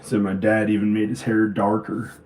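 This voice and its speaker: Low-voiced man muttering in an echoey room. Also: little pitch movement, normal speed. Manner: mutters to himself, then rants bitterly. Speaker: vlogger. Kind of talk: rambling monologue to camera. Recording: echoey room with background noise.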